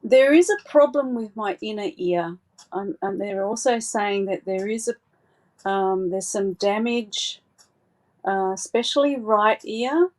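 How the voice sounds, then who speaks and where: A woman giving a live psychic reading, gentle and reassuring, with frequent hesitant fillers and restarts. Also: mid-range voice, slow.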